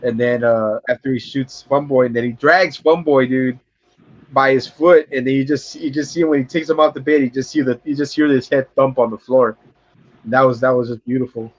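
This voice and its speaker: A man casually retelling a film scene for a podcast, rambling and profane, stumbling over words and jumping into high voices to act out characters. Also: steady tone, brisk, highs cut off. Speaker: podcast co-host. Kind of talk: casual film review chat.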